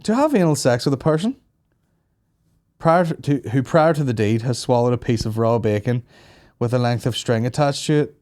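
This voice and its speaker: A man's voice: medium pitch, lively intonation, moderate pace, a little mellow. A man hosting a comedy podcast, chatting casually, joking crudely and swearing freely. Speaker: podcast host.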